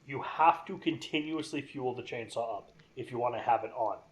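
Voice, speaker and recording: A man's voice: medium pitch, moderate pace. A man co-hosting a casual gaming podcast, rambling enthusiastically through game and movie trivia. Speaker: podcast co-host.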